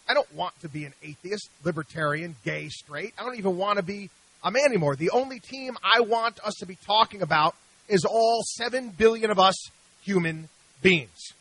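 Emphatic high-voiced male radio host. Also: moderate pace, fairly bright tone, slightly rough, no echo, low-quality recording. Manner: emphatic, preachy, rhetorical questions. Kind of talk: opinionated radio monologue.

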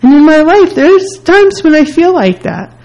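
A woman's voice: high voice, sing-song, measured pace, a little mellow, poor audio. A woman hosting a self-help radio talk, speaking earnestly and candidly in short repeated phrases. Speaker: radio host.

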